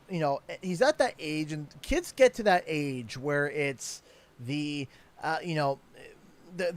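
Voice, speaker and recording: A Canadian man in his thirties chatting casually while playing a game, telling animated stories and laughing often. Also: a little high. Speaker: gaming YouTuber.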